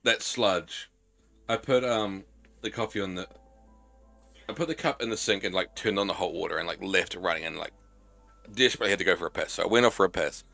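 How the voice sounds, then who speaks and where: A man's voice: deep voice, fairly quick, vocal fry, long pauses, bright, forceful tone, soft background music. A young man streaming a game live, chatting loosely and swearing as he rambles through stories between reading lines. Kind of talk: live game commentary and reading dialogue aloud.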